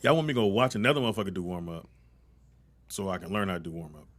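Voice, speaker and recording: A man telling a story in casual chat, animated and acting out the people he quotes. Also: low-pitched, rapid-fire. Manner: animated, acts out quoted people, laughs often. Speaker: podcast co-host telling a story.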